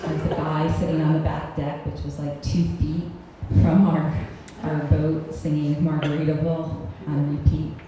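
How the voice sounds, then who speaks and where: A woman's voice: low voice, flat delivery, moderate pace, few pauses. A woman in her thirties performing a live personal story on stage, wry and self-mocking, often laughing through her lines. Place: cultural center hall, on stage. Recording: echoey live hall recording with faint hiss.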